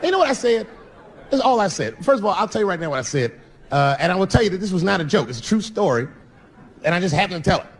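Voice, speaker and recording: A male stand-up comedian telling a story on stage, dropping to a hush and then shouting the punchlines. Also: sits high, big pitch swings, quick pace. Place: large theater stage with an audience. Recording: reverberant venue sound with crowd noise. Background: audience laughter.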